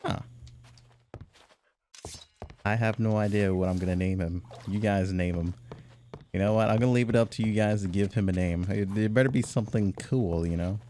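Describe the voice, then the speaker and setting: A young man giving casual, swear-filled commentary while he plays a game, jumping from mumbling to loud high-pitched outbursts. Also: normal speed, long pauses, slight background noise. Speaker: gaming YouTuber. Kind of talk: casual let's-play commentary.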